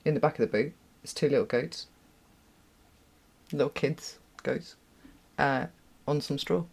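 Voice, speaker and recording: A woman's voice: very deep voice, a little slow, creaky, husky. Chatty British woman, laughing often. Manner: chatty and rambling, laughs often, swears freely. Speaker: tarot reader hosting a live stream. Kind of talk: casual live-stream chat. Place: room at home with a window.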